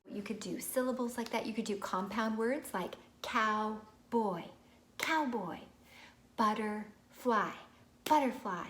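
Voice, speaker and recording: A woman's voice: fairly high pitch, measured pace, few pauses, fairly bright tone, slight background noise. Patient woman teaching reading to parents. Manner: clear, patient, modeling sounds for children. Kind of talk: instructional video for parents.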